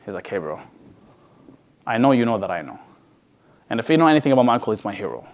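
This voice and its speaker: A man speaking at a sales event, telling an emotional personal story in a conversational way, often restarting his words and dropping to a soft, quiet voice. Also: on the low side, sing-song, fast talker. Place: large event hall.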